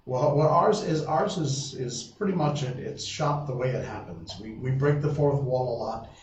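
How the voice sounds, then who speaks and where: In a dull, lo-fi recording that sounds roomy and far away with faint background noise, a live-stream host chats casually at a moderate pace and medium pitch. He rambles, starts his sentences over and reads comments from viewers aloud.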